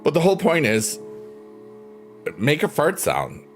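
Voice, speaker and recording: A man's voice: fairly high pitch, huge pitch swings, measured pace, over music. A man hosting a casual livestream, goofy and upbeat, joking and laughing often, talking close to the mic. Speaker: livestream host. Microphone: close mic, leans in.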